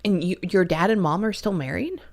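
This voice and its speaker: A woman's voice: on the low side, normal speed. Chatty woman medium rambling with fillers. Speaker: spiritual medium. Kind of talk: casual reading session.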